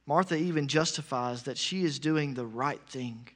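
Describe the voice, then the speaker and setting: A man preaching a sermon, talking casually with fillers and building to loud, urgent exhortation. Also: medium pitch, normal speed.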